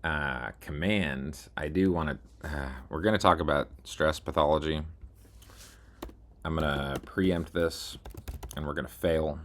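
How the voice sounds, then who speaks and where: A man's voice: extremely low pitch, fairly even intonation, unhurried. A man casually rambling through a video blog, muttering to himself, mocking himself, and narrating as he scrolls and clicks. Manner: meandering, self-mocking, mutters while scrolling. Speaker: video blogger. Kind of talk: casual rambling screen-share monologue.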